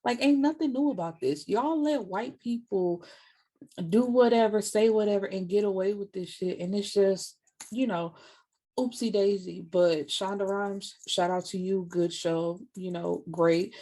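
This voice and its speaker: A young woman giving a casual spoken review of a TV show, blunt and animated, swearing freely and talking straight to her viewers. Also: mid-range voice, unhurried. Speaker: book and TV reviewer.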